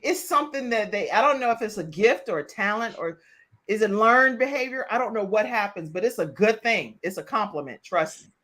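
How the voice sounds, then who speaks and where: Woman talk show host, playful and teasing, quick to laugh, video call sound. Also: mid-range voice, lively intonation, fairly bright tone. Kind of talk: lively online talk show chat.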